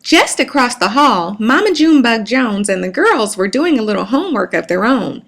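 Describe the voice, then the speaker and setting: A woman reads a picture book aloud to young listeners in a bright, sing-song storytelling voice. Her pitch sits high and swoops around a great deal, animated all the way through. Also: moderate pace, a little hiss or hum.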